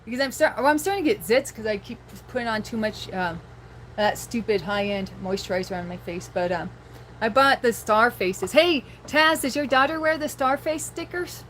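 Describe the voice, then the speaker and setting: A woman's voice: a little high, normal speed, fairly bright tone. Woman rambling on her phone livestream, lots of giggles, talking to chat, bit of faint hiss behind. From rural area near Boise, Idaho. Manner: chatty and rambling, laughs often. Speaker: livestream host. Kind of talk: casual livestream chat with viewers. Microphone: handheld phone.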